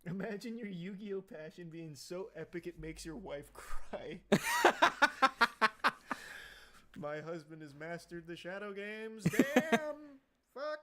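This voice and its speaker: A man's voice: high voice, expressive, slow pace, pauses often, sharp tone. A man giving wry, sarcastic commentary on a video.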